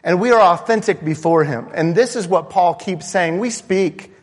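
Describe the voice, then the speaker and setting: A man's voice: high-pitched, normal speed, in a large hall. A man preaching a sermon as pastor, talking conversationally to his congregation and building to impassioned peaks. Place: church sanctuary.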